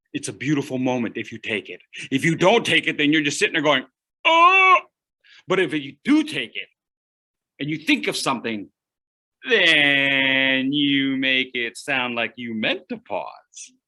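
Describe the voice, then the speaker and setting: With a mid-range voice, a man playfully coaches public speaking over an online workshop, pausing dramatically and shifting between loud and hushed moments.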